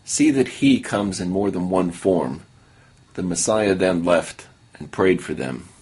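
Male reader, very low and husky, measured and solemn. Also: expressive, darkish tone. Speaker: story contributor. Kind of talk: reading a short story.

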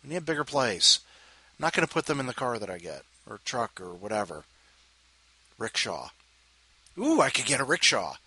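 A man's voice: mid-range voice, very animated, moderate pace, long pauses, pushed and bright, slightly rough, no echo. A man hosting a show, chatting casually with jokey asides and apologies between readers. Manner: self-interrupting, jokey asides, apologizes often. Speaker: host introducing readers. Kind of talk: rambling casual chat.

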